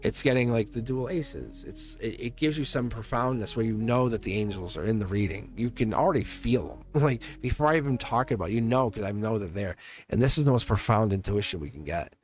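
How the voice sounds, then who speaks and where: A man's voice: lowish voice, lively intonation, fairly quick, a little mellow, soft background music. A man hosting a live tarot stream in a casual, rambling way, chuckling often and joking with his viewers.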